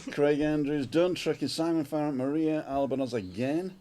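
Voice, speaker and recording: A man's voice: on the high side, normal speed, a loud crowd. Chatty man hosting a balcony livestream. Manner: chatty, reads out viewer names. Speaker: livestream host. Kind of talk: casual live chat. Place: outdoor apartment balcony. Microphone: smartphone livestream.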